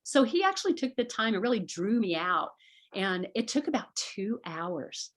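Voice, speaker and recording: An earnest middle-aged woman talking through advice in a warm, easy conversational tone. She speaks at a middle pitch and sometimes acts out the voices of others. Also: big pitch swings, moderate pace. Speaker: guest.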